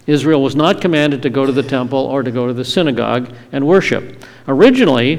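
A man giving an evening Bible teaching in a measured, explanatory way, reading scripture aloud. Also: mid-range voice, big-room sound. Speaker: Messianic teacher.

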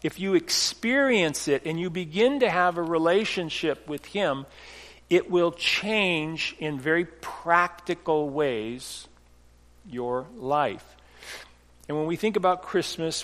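A middle-aged man preaching a sermon, telling a personal story earnestly, with restarts, dropping to a hush and then rising to emphasis. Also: fairly high pitch. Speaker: pastor. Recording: long hall reverb.

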